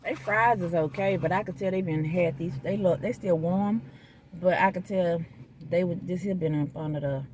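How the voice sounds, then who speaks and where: A woman's voice: lowish voice, normal speed, a little mellow, a little hiss or hum. A woman, chatting folksily to viewers while eating in her parked car, recorded on a phone. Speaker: food vlogger. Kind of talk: casual vlog chat while eating. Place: parked car in a restaurant parking lot.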